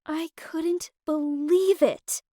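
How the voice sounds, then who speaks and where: A woman narrating an animated first-person story in an emotive, expressive way. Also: sits high, drawn-out words, no room sound, studio quality. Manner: emotive, with wide swings of expression.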